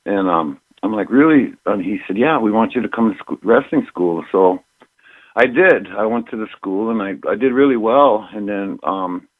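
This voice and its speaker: Brief: middle-aged man from Minnesota, low voice, rambling storyteller, phone-line sound. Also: normal speed. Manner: rambling, repeats phrases, laughs often. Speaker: former pro wrestler, guest. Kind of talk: casual storytelling interview.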